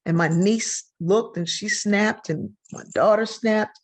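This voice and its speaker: Guesting on a podcast, an older sociologist tells stories energetically, performing the voices she quotes. Her voice sits in the mid range and she speaks slowly.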